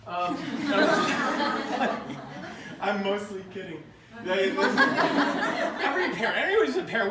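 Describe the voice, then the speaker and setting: An American man in his thirties giving a humorous live keynote talk, telling stories with jokes and playful asides. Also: fairly high pitch. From United States. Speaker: keynote speaker. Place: conference room. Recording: roomy and distant with faint noise.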